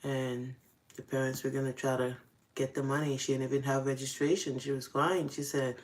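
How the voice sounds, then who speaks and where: A woman's voice: low-pitched, flat delivery, fairly quick. A young adult woman casually telling confessional stories, often breaking into laughter. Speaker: host. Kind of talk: casual storytelling.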